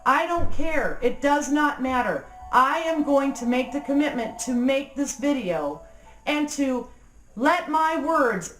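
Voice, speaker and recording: A woman in her forties giving an earnest motivational talk to camera, slowing down and dropping low on key phrases. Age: 40s. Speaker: motivational speaker. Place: room with a phone ringing nearby. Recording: echoey room.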